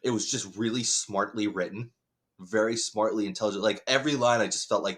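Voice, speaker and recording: A man's voice: fairly low pitch, fairly quick, a bit bright. A man co-hosting a podcast in casual chat, who laughs often and repeats himself. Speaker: podcast co-host.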